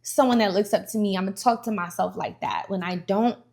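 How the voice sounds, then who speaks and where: Young woman vlogger, mid-range voice, animated and emphatic, casual slangy delivery of motivational talk straight to camera. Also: mid-range voice, brisk, creaky.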